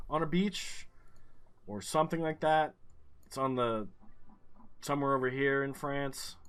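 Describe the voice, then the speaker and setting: A man's voice: medium pitch, sharp tone. A man commentating his own gameplay, thinking aloud, swearing and getting frustrated.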